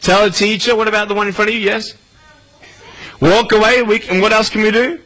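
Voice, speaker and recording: A man in his thirties with an Australian accent and a high-sitting voice gives an animated, playful motivational talk to schoolchildren, speaking a little fast and asking them questions. It was recorded live in a noisy school hall.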